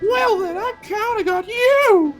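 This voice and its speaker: A woman's voice: slow pace, faint music behind. Happy Mask Salesman, as a woman puts him on. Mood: pleading polite. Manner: shrill, sing-song, overly polite. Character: eerie smiling male mask salesman, polite and creepy.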